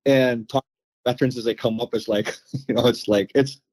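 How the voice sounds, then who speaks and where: A man who is a veteran guest, chatting casually in an interview, halting and repeating words as he talks. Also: medium pitch, fairly even intonation, a little mellow, slightly rough, no room sound.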